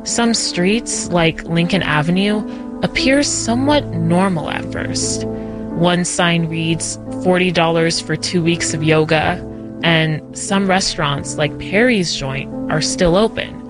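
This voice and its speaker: Low-voiced woman news narrator. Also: over music. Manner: measured, clear report delivery. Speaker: news reporter.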